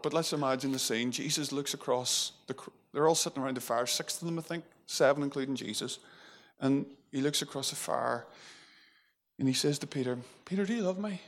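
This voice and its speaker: A man preaching a sermon in a conversational way, full of fillers and restarts. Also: medium pitch. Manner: conversational, with many fillers and restarts, acting out quotes.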